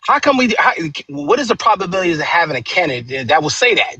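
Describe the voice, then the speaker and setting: A man's voice: high voice, sing-song, fast talker, few pauses, pushed and bright, breathy edge, dry recording, lo-fi sound. A man talking politics in an emphatic, profane way, stumbling over restarts before landing his point. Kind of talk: casual political chat.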